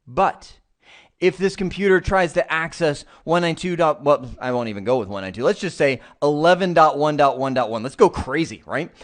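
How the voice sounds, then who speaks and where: A man teaching an online networking lesson, animated and playful, who acts out examples as he explains. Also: fairly high pitch. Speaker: IT instructor.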